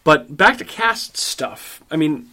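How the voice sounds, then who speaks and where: Male podcast host, high-ish bright forceful voice, blunt and profane. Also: animated, takes it slowly. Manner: acts out quotes in a slangy voice. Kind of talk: casual movie review chat.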